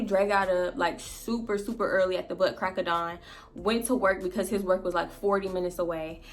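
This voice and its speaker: Animated young woman telling a story. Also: medium pitch. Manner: animated, slangy, swears freely. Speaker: vlogger. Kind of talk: casual storytelling.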